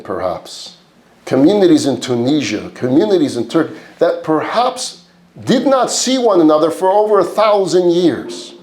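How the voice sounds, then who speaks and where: A man's voice: a little high, darkish tone. A man with a New York accent, teaching a class as a rabbi. He asks the room rhetorical questions, answers them himself, and builds his points through repeated lists. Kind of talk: lecture to a live class.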